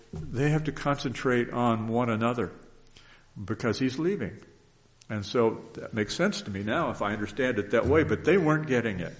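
A man preaches in an earnest, folksy, conversational way, often breaking off and restarting his sentences. His voice sits at an ordinary middle pitch. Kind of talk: conversational sermon.

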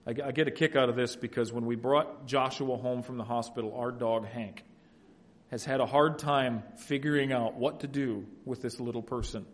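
A man preaching an expository sermon, shifting between quiet, folksy asides and loud, emphatic passages. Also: mid-range voice, fairly even intonation, normal speed. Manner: folksy family anecdotes, laughs at own stories. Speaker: pastor.

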